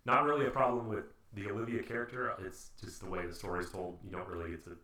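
Rambling podcast guy, lowish voice, bit of room echo, jokey. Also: steady tone, fast, sharp tone. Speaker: podcast host. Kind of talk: casual movie-review chat.

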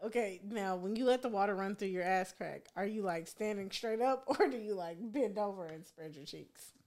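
A woman's voice: mid-range voice, normal speed, darkish tone. A young woman in casual crude banter, teasing and asking probing questions with lots of laughter.

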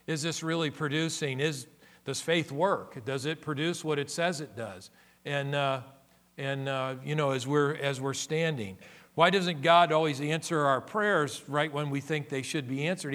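An older man preaching a sermon as a pastor, earnest, his voice swelling louder on key phrases. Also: mid-range voice.

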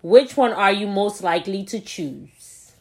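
A woman's voice: mid-range voice, expressive, measured pace. A woman in casual chat, frank and playful, often laughing.

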